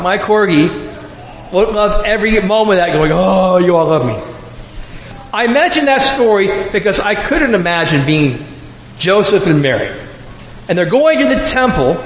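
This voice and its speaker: A man's voice: high-pitched, fairly bright tone, a little hiss or hum. A man preaching a conversational, humorous sermon to a live audience, telling stories and speaking directly to the listeners. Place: large hall with a live audience. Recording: echoey hall, faint ambience.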